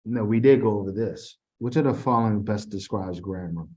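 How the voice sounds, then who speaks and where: Low-voiced man reading quiz questions. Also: darkish tone, breathy edge. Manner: informal, halting, reads quiz questions aloud with restarts. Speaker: TESOL instructor. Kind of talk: casual tutoring session.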